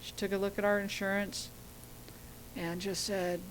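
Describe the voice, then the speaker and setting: A middle-aged woman telling a personal story as a guest, animated, acting out the voices of people she quotes. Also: mid-range voice, moderate pace, slight background noise, poor audio.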